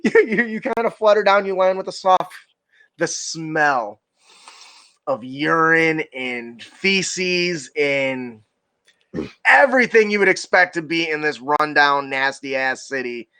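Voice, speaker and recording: A man's voice: on the high side, lively intonation, slow, sharp tone, clear, resonant tone. A young man running a tabletop game as dungeon master, narrating casually and laughing often.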